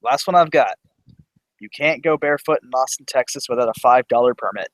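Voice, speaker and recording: A man co-hosting a podcast in casual chat, sharing odd facts in a relaxed, matter-of-fact way. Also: mid-range voice, a little fast, no echo, rough recording. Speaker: podcast co-host.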